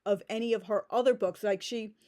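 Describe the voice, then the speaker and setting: A woman's voice: medium pitch, steady tone, fairly quick, mellow. A woman in her forties giving a sarcastic, exasperated rant as a book reviewer. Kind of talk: ranting book critique.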